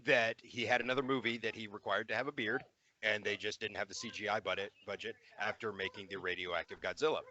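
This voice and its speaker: Bright-voiced man nitpicking on a podcast. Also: lowish voice, steady tone, fast talker, lo-fi sound. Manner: wry, nitpicking banter with some swearing. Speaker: podcast co-host. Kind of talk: casual chat.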